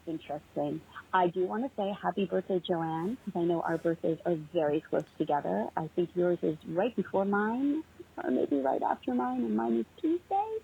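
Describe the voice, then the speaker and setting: A young woman calling in to a podcast, chatty and excited, laughing often, heard over a tinny phone line. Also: mid-range voice, moderate pace, creaky, husky. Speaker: podcast caller. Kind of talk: casual voicemail chat.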